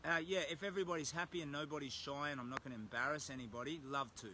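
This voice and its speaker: A man's voice: a little high, steady tone, rapid-fire, pushed and bright, slight background noise. An Australian man chatting casually on a livestream, reading out viewer comments while walking by a road. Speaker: livestreamer on a long charity walk. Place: outdoors by a road, windy. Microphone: phone held while walking.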